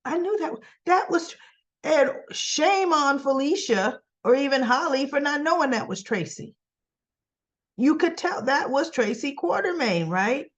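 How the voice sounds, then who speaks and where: A woman's voice: sits high, lively intonation, measured pace. A woman reviewing a soap opera episode in a casual, chatty recap, often checking in with "right?" and acting out characters' lines.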